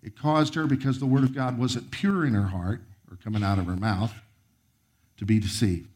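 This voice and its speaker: A man preaching a sermon, reading scripture aloud and commenting on it, his voice rising high and then dropping to a near whisper. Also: fairly even intonation, moderate pace. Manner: preaching with sharp swings of pitch and volume, dropping to a near whisper. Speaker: pastor.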